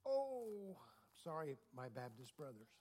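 A pastor preaching a sermon in a church, his voice sitting a little high for a man. He drives points home by repeating phrases and tossing questions back to the congregation. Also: normal speed. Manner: preaching with call-and-response asides and repeated phrases.

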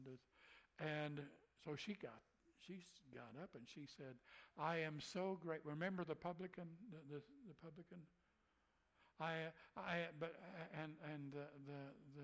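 A man's voice: a little high, poor audio. A man, a preacher, telling a story in a folksy way, chuckling and acting out what people said. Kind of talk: telling a personal story in a conversation.

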